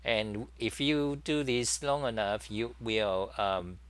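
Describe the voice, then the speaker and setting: A man's voice: fairly low pitch, slow. A man hosting his own talk show in a casual, rambling monologue, full of fillers and restarts.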